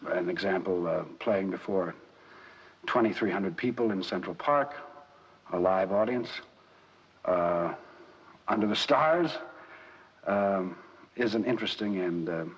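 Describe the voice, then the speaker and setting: A man from the United States, a film actor answering interview questions deliberately, pausing often, in a dull lo-fi 1960s recording. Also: deep voice, slight background noise. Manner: deliberate, pauses with many fillers.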